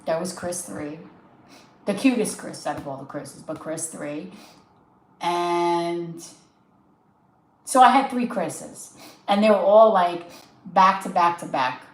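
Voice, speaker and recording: A woman's voice: fairly low pitch, takes it slowly, long pauses, reverberant, low-quality recording. A woman livestreaming as a tarot reader, telling a story casually with a stuffy, sniffly nose and acting out the quotes. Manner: chatty, animated, laughs often, acts out quotes.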